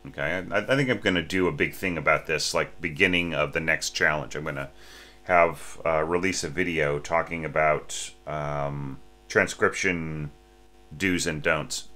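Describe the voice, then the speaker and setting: Critiquing an orchestration score, this male teacher speaks in a very low voice with a bright, forceful edge, stopping and restarting and asking "right?" along the way. He seems slightly sleepy and occasionally sings or exhales the phrasing, over a faint mains hum.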